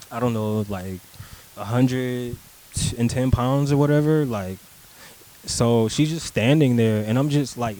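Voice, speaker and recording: A man's voice: medium pitch, dark tone, slight background noise, low-quality recording. Rambling, profane young man telling a story. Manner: rambling and profane, heavy use of "like", acts out his own lines. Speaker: podcast host telling a personal story. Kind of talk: casual storytelling.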